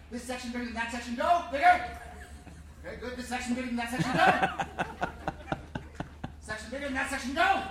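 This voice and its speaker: On stage, a comedian with a very high-pitched voice does crowd work, teasing his audience and barking bossy commands through laughter. The live audience interaction is captured from far off in an echoey hall, with a loud crowd and slight background noise.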